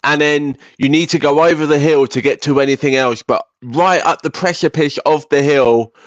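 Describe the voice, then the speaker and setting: A man's voice: on the high side, steady tone, normal speed, no room sound, highs cut off. A man co-hosting a casual podcast chat, wry and sweary, full of vivid exaggeration. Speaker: podcast co-host.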